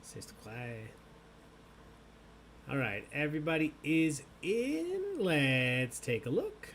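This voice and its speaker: A man runs a live trivia game with a jokey, upbeat manner. His voice sits a bit high and swoops animatedly as he reads questions and scores. The tone is bright and forward. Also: sing-song, slow pace, a little hiss or hum. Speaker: trivia host. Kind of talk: livestream trivia hosting.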